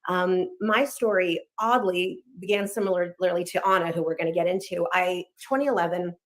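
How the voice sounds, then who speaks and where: A woman in her thirties from Los Angeles tells her own story at a quick, candid clip. Her voice sits a little low for a woman. She slips quoted lines of dialogue into the telling as she goes. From Los Angeles, United States. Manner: fast, candid, animated retelling with quoted dialogue. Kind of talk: personal storytelling.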